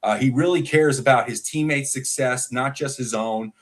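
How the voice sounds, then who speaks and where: A man co-hosting a casual football talk show, talkative and animated with frequent fillers. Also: medium pitch, normal speed. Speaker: sports podcast co-host.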